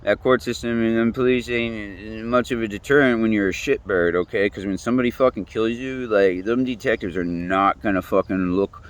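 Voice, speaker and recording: A man's voice: lowish voice, normal speed, hardly any pauses. A man hosting his own show, talking in a casual, rambling rant full of swearing and fillers. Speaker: host.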